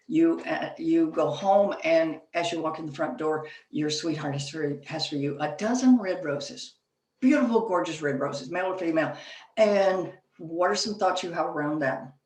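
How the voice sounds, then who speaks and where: A woman's voice: deep voice, normal speed, darkish tone. A woman giving a workplace leadership presentation at a chapter meeting, talking conversationally and telling stories with frequent fillers. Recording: echoey room, distant from mic.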